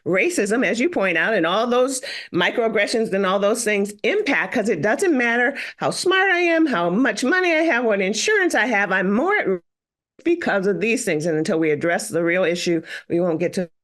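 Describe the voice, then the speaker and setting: A middle-aged woman doctor talks on a podcast at an ordinary pitch. She tells her stories with animation and acts out the exchanges she quotes. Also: lively intonation, moderate pace, a bit bright. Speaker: physician. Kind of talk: podcast conversation.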